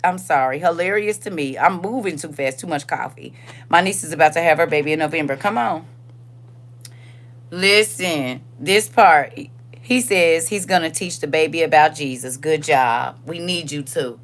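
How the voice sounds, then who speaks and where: An older woman with a low voice hosts a casual livestream, speaking at normal speed. She chats with viewers, reads their comments aloud, and repeats phrases for emphasis.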